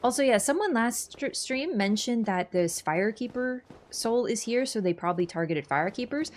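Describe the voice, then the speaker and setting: A woman's voice: on the high side, lively intonation, moderate pace. A young woman from Canada chatting casually and sarcastically as she livestreams a game, rambling with many asides. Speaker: streamer. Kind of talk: casual livestream chat over gameplay.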